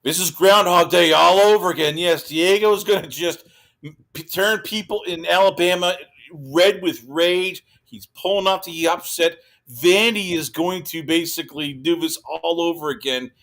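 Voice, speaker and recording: A man guesting on a sports podcast, talking in an animated, exclaiming way and breaking into mocking impressions. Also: fairly high pitch, unhurried. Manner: animated, exclaiming, mimics others. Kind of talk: casual sports talk.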